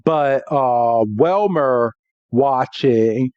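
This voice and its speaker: A man voicing a calm young male cartoon character who explains things plainly. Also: mid-range voice, extremely slow, dry recording. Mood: explaining. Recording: dull dry lo-fi.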